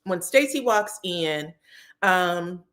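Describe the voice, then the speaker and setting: A woman's voice: fairly low pitch, expressive, slow pace, a bit bright. A woman recapping a reality show in casual, slangy commentary, punctuating her points with emphatic tags and frequent laughter. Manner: slangy, emphatic, tags lines with "okay?" and "child"; laughs often while telling.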